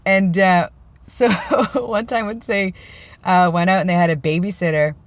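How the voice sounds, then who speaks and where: A man's voice: high-pitched, steady tone, measured pace, dry recording. A man talking in a casual vlog monologue, rambling and sarcastic. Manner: rambling, self-described sarcastic joker. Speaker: vlogger.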